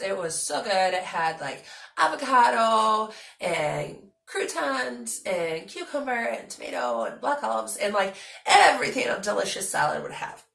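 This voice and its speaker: A young woman chatting casually to her vlog audience, animated and talkative with lots of fillers. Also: a little high, gravelly, echoey room. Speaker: vlogger.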